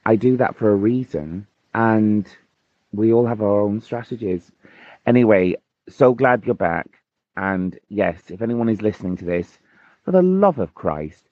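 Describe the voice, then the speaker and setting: A man with a lowish voice leaves a heartfelt, chatty message for a podcast and swears now and then in a playful way. The recording is dry and dull, like a voice message sent in from home. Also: no room sound. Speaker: caller.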